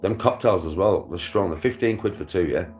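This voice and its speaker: Talking to his livestream audience in British English, this young man keeps it casual, heavy on slang and swearing, with frequent laughter. His voice sits low with a darkish tone, his pace is brisk, and faint music plays behind him.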